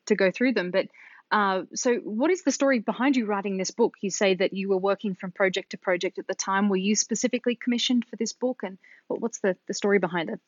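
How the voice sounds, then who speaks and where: A woman interviewing a guest, her questions broken by small restarts and fillers. Her voice sits at a middle pitch, recorded very dry with slightly muffled sound. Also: fast talker, no echo. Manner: hesitant, with restarts and light laughter. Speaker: podcast co-host.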